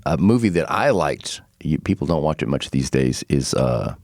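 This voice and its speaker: A man's voice: extremely low pitch, normal speed, dry recording, studio quality. A man hosting a podcast, telling stories casually and acting out quotes with frequent laughs. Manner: animated storyteller, acts out quotes, laughs often. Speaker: podcast host.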